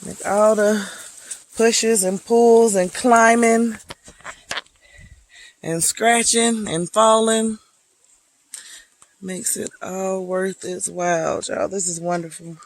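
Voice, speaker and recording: Slow easygoing vlogger out on a trail, mid pitch, cheering on the viewers, bit of faint noise. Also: steady tone, rough recording. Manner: slow, reflective, encouraging, talks to viewers. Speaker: hiking vlogger. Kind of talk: motivational outdoor vlog. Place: outdoors on a wooded hiking trail near waterfalls.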